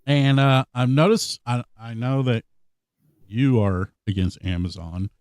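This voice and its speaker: A man's voice: mid-range voice, a little slow, darkish tone, no room sound, clean studio sound. A man co-hosting a casual comedy podcast, joking and laughing, often trailing off with fillers. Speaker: podcast co-host.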